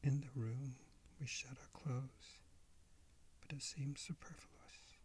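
A man whispers an intimate story in whispered role-play, speaking straight to the listener as a lover. He takes his time, slow and unhurried, and his voice stays at an ordinary middle pitch under the breath. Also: level tone, darkish tone.

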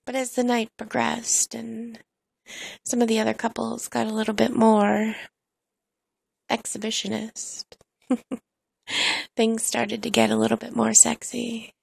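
A woman telling an intimate erotic story in a hushed, slow way, with soft sighs between phrases. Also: fairly high pitch, monotone, vocal fry, husky, dry recording.

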